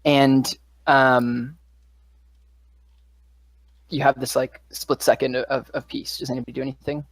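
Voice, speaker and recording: A man's voice: mid-range voice, little pitch movement, measured pace, no room sound. A man running a tabletop game as game master, narrating scenes vividly with loose fillers.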